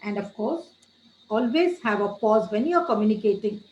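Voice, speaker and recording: A woman's voice: mid-range voice, animated, normal speed, a little mellow, lo-fi sound, slight background noise. Woman trainer lecturing in an echoey room. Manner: addresses listeners as friends, gives tips.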